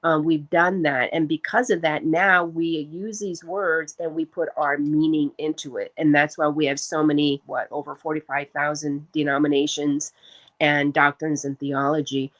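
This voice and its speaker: A woman with a very low voice hosts a casual discussion. She explains her points earnestly and fills pauses with frequent ums. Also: level tone, a bit bright, rough recording. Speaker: host.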